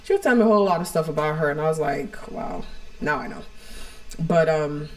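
A woman with a low voice tells a personal story at home for a podcast. She talks frankly and rambles, filling her sentences with "like" and "you know". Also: rapid-fire, darkish tone. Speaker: podcast co-host.

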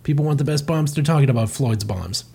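A man's voice: medium pitch, gravelly, mellow, husky. A man putting on a boastful impression of a politician selling bombs, repeating himself as he brags. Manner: bragging, repetitive, fast.

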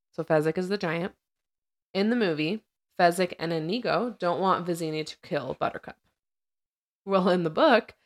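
A woman co-hosting a podcast, casually recapping a film and sharing trivia with frequent laughs. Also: on the low side. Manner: chatty, laughs often, retells scenes and trivia. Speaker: podcast co-host.

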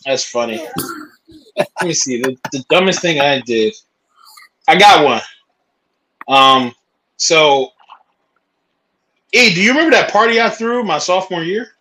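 A man's voice: a little high, expressive, unhurried, long pauses, pushed and bright, rough recording. A young man in casual chat, loosely rambling through a story and restarting his sentences.

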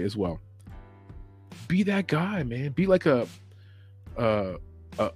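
A man's voice: mid-range voice, darkish tone, slightly rough. A man hosting a podcast in a casual opinion chat, rambling, opinionated and chuckling as he talks. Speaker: podcast host.

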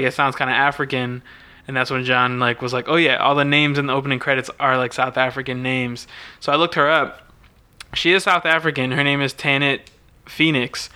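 A man chatting on a podcast, retelling a film in loose casual talk and slipping into the characters' lines as he goes. His voice is bright and crisp, at an ordinary middle pitch. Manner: animated retelling, acting out dialogue. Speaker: podcast co-host. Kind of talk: casual chat recapping a movie.

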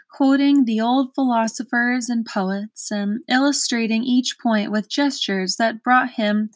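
A woman reading a children's storybook aloud in a measured, expressive way. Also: fairly high pitch, no echo. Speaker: storybook reader.

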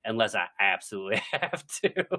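A man, a filmmaker guest, chatting casually in an interview, telling animated stories and laughing often. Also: fairly low pitch, fairly quick. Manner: animated storyteller, laughs often, acts out quotes.

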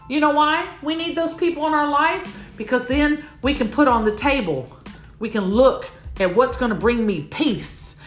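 Woman, comedic motivational speaker, lively storyteller who plays out others' voices; higher voice, roomy echo. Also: a little slow, faint music behind. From Houston, Texas. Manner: animated storytelling, playfully acting out other people. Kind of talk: comedic motivational talk to an audience.

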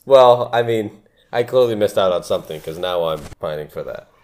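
A man's voice: sits low, expressive, normal speed, darkish tone. A young man in casual chat as a podcast co-host, rambling, restarting his sentences and laughing often.

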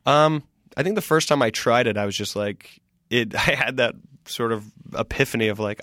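A man in his thirties, a stand-up comedian guest, telling stories in a casual, animated way. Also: mid-range voice, no echo, studio quality. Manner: animated, quick storytelling with laughs. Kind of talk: casual interview chat.

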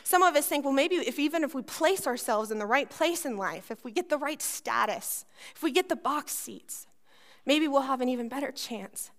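A woman's voice: high voice, normal speed. A woman pastor preaching a sermon, telling a personal story and acting out the voices in it. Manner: animated storytelling, acts out voices.

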